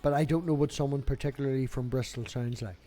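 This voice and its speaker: A man's voice: mid-range voice, fairly even intonation, quick pace, mellow. A Northern Irish man hosting a casual group call, teasing and swearing as he jokes with friends. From Northern Ireland. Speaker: streamer hosting a hangout.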